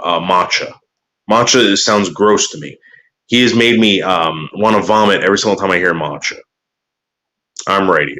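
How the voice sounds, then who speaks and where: A man's voice: fairly low pitch, fairly bright tone. A man rambling to his chat on a livestream, cursing often and repeating words as he starts his sentences. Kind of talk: rambling casual stream chat.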